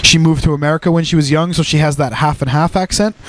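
A man chatting on a podcast in a loose, rambling way, tossing out crude jokes. His voice sits a little on the high side. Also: fairly even intonation, quick pace, slight background noise. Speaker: podcast co-host. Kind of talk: casual wrestling recap chat.

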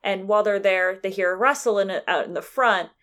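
A woman's voice: medium pitch, brisk, a bit bright. Co-host, woman, loose rambling recap delivery. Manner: rambling storyteller who acts out quotes. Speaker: podcast co-host recapping a game. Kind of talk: casual chat.

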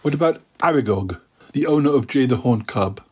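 A man voicing a cheeky male sidekick co-host who chimes in with teasing remarks in a husky voice. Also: mid-range voice, lively intonation, brisk, darkish tone, pitched above the performer's own voice. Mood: mock-scolding. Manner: teasing, chatty interjections.

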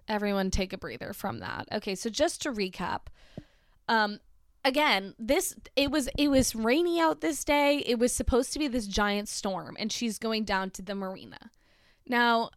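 A woman's voice: mid-range voice, clear, resonant tone, no room sound, clean studio sound. A woman from Massachusetts telling a story in a chatty, sarcastic way with lots of fillers, reading out a post and reacting to it. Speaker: commentator reading a social media post. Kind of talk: casual storytime commentary.

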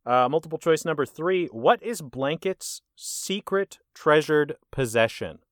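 Guy running a movie quiz, bit high voice, teasing, dead dry sound. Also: expressive, a bit bright, no room sound. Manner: teasing, reads quiz options deliberately. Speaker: quiz host. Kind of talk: casual podcast chat.

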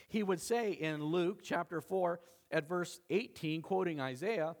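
A male pastor preaching a sermon with animated, dramatic storytelling, acting out the quotes. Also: high voice, a little slow, few pauses.

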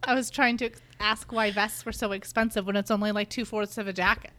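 A woman's voice: medium pitch, steady tone, brisk, fairly bright tone. A young woman co-hosting a podcast, chatting casually and teasing the others, laughing at her own jokes. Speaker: podcast co-host. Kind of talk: casual chat.

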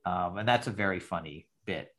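Brief: podcast host, man, lowish voice, measured recap over a video call. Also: fairly bright tone. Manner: reads script lines aloud, measured. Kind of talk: casual chat recapping an episode.

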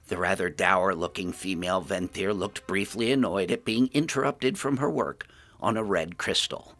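A man narrating a fantasy story as a storyteller, with lively, expressive narration. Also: deep voice, moderate pace.

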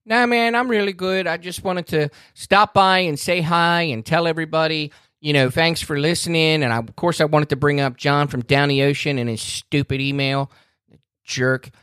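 A man's voice: fairly high pitch, normal speed, fairly bright tone, smooth, no echo, studio quality. A man, a podcast regular, ranting in a fired-up, cursing way during a casual chat. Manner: fired up, ranting, swears freely.

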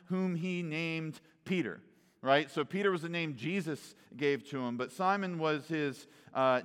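A man preaches in a relaxed, conversational teaching voice, pitched a little above the usual male range. He keeps asking "right?" and stumbles over repeated words as he gets going. His voice rings with the long reverb of a large hall. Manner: conversational, often asks "right?", repeats words as he starts sentences. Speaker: pastor. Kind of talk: teaching sermon.

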